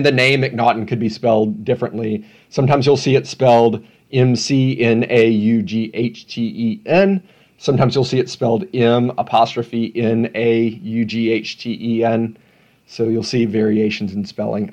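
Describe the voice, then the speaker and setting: A man's voice: fairly low pitch, a little mellow. A man hosting a solo podcast at home, talking casually with rambling, self-deprecating asides. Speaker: podcast host.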